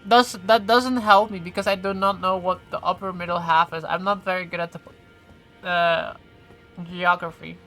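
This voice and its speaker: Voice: mid-range voice, steady tone, moderate pace, a bit bright, poor audio. A streamer chatting casually while playing, reading viewer comments aloud and answering them with many fillers and restarts. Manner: frequent "like" fillers and self-corrections. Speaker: game streamer. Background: game music.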